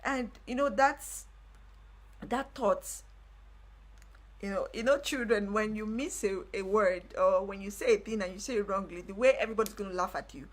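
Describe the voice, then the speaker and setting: A young woman hosting a live stream, telling a personal story in casual talk with animated delivery and repeated phrases. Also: mid-range voice, moderate pace. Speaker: livestream host.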